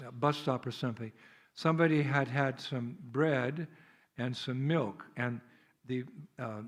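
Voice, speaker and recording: A man with an American accent giving a devotional sermon at a temple, telling stories in a chatty way, laughing often and acting out the scenes. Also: on the high side. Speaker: visiting monk speaker. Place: temple hall.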